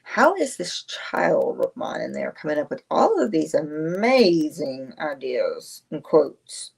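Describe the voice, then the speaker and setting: A woman's voice: low voice, very animated, slow pace, creaky, darkish tone, breathy edge. A woman, chatting casually on a livestream, rambling, answering viewers and laughing often. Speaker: livestream host.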